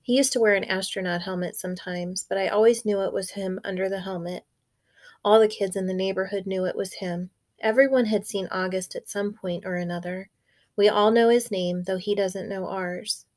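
Woman, teacher, read-aloud, expressive, clear, mid-pitched voice. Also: moderate pace. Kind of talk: read-aloud narration of a children's novel.

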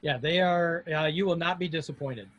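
A man's voice: a little high, normal speed, fairly bright tone, dull audio. A man hosting a casual video call chat, friendly and talking in restarts. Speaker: host.

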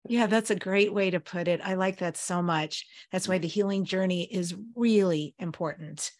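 A woman's voice: fairly low pitch, moderate pace. Eager, curious female interviewer. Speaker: podcast host. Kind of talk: interview conversation.

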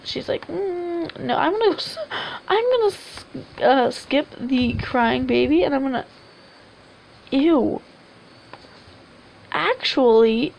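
A woman with a high voice and a noticeable gravelly fry chats through her gameplay in a loose, rambling way, urging the characters on as she goes. Faint hiss sits under her desk-mic recording. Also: a little mellow, low-quality recording. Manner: chatty, rambling, coaxing game characters aloud. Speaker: gameplay video host. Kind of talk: casual let's-play commentary.

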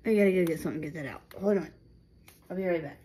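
A woman with a fairly low, dark voice talks rapid-fire to her viewers while making resin crafts at her home table, chatty and poking fun at herself. There's a breathy edge, and the phone-camera recording sounds rough.

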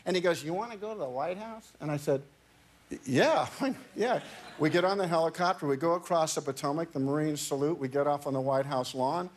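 A man's voice: a little high, a little hiss or hum. A man telling a long anecdote as a talk show guest, restarting his sentences and laughing as he goes. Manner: halting storyteller, many restarts, laughs mid-story. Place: television studio.

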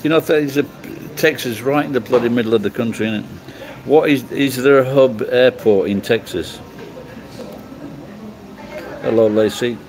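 A man's voice: mid-range voice, moderate pace, pauses often, a little mellow, rough recording. A middle-aged man from England chatting casually on a livestream, rambling and swearing bluntly as he answers comments. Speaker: livestream host.

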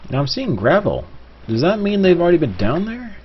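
A man with a Southern US accent giving relaxed, musing live commentary on a game tournament, often clearing his throat. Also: high-pitched, a little fast. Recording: lo-fi live stream with faint hiss.

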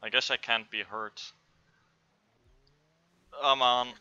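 A man's voice: medium pitch, steady tone, slow, bright, forceful tone, smooth, no echo. A young man joking and laughing over voice chat while playing a game. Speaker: gamer. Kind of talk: casual gaming chat. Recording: dull lo-fi voice chat.

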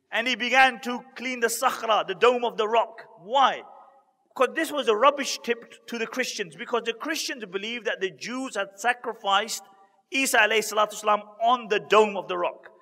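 Male preacher, very high and bright voice, earnest dramatic storytelling, long reverb. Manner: earnest, dramatic retelling with emotional pauses. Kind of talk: storytelling sermon.

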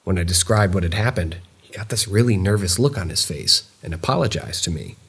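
With a low, husky tone, this male narrator works through scripted horror tales sent in by viewers. His pacing is even and deliberate.

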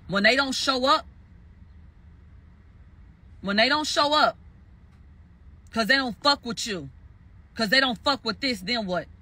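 Bright high-voiced man, emphatic rant. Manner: emphatic, repeats phrases for stress, profane. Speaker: commentator recounting a court verdict. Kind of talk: heated spoken recap.

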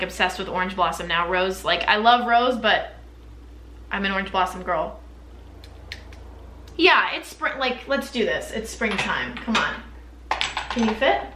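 A woman's voice: a little high, pushed and bright, reverberant. A young woman chatting casually and candidly about her perfumes for a vlog, full of fillers. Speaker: beauty vlogger. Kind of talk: casual chat.

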